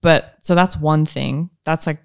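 A woman's voice: sits low, steady tone, measured pace, creaky, clear, resonant tone. Candid young woman. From South Africa. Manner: reflective, candid, talks through thoughts with fillers. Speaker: actress, podcast guest. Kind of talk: casual interview chat.

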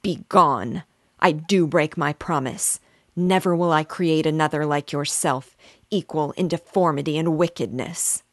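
A proud, wrathful young scientist, as a woman reads him out, firm and unbending in every line. The voice is low and deliberate, and the recording is dry and close. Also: no room sound. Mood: defiant.

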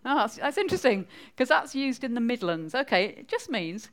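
A woman's voice: a little high, big pitch swings, brisk. A woman from northwest England with a Mancunian accent, giving a chatty church talk and quizzing the congregation. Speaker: preacher.

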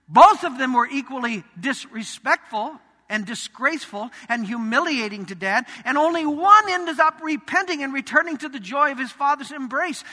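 A man pastor preaching a sermon in a church sanctuary, dramatic, swinging from loud emphasis to hushed asides. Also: very high-pitched. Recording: reverberant sanctuary.

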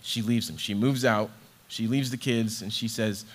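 A steady tone and moderate pace mark this young man's low-leaning voice as he preaches. He's a ministry associate director, earnest and conversational, with casual fillers along the way.

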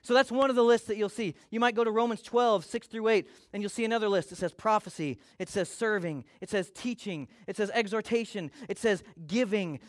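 A middle-aged man preaching a sermon as pastor, conversational and animated, acting out little quotes. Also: high voice, no room sound, clean studio sound.

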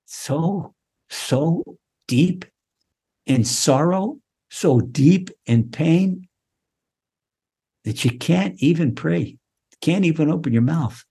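A husky man gives an impassioned Torah lesson as a rabbi. He repeats his key phrases over and over, and his voice climbs higher as he presses each point. The delivery is fervent and earnest. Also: animated, takes it slowly, pauses often, dark tone. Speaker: rabbi teaching a weekly class.

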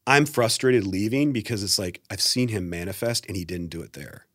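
A man's voice: on the low side, brisk, no room sound, studio quality. A middle-aged man, a pastor and guest, telling a personal story in a podcast interview and acting out the quotes. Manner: animated storyteller, acts out quotes.

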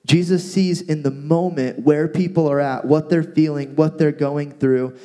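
A man co-hosting a casual talk, retelling a Bible story with playful asides and lively paraphrase. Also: a little high, a little slow. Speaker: podcast co-host teaching from the Bible. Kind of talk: casual Bible teaching chat.

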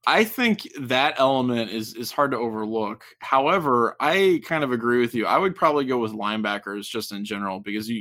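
A man's voice: on the low side, a bit bright, no room sound. Man, podcast co-host, rambling, chuckling, dry close mic. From Ohio, US. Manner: rambling, self-correcting, chuckles often. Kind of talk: casual sports chat.

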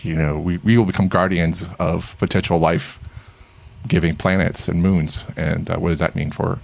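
A middle-aged man with a very low, gravelly voice talks through tech news in a loose, rambling way. He stumbles over restarts and fillers and laughs easily. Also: little pitch movement, normal speed, a little mellow. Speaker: podcast co-host. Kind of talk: casual tech news chat.

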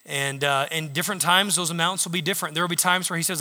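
A man pastor preaching a sermon in a church, telling stories with animated retellings of what others said. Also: a little high, fast. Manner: animated storytelling, acting out quotes. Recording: long reverb of a large hall.

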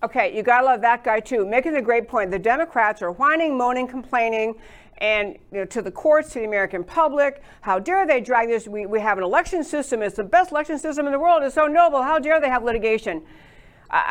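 A woman's voice: a little high, a bit bright. A woman hosting a political talk show, giving indignant, emphatic commentary between clips. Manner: indignant, emphatic, lists grievances.

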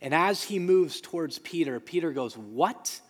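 A man's voice: on the high side, normal speed. A man preaching a sermon as a pastor, earnest and emphatic, repeating phrases for weight. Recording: long hall reverb.

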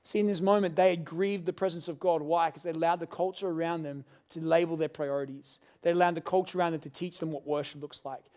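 High-voiced man preaching. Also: steady tone, quick pace, few pauses, a little mellow. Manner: earnest, conversational storytelling. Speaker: pastor. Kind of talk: sermon.

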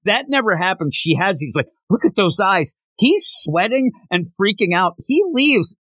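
Animated man acting out manga scenes. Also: sits high, dry recording. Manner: animated, acts out character lines in quick voices. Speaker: podcast host. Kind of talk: casual chat recapping a manga chapter.

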